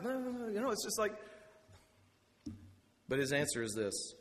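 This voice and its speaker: A man's voice: mid-range voice, very animated, normal speed. Man preaching in an echoing hall. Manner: conversational storytelling with asides. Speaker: pastor. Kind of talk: sermon. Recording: long hall reverb.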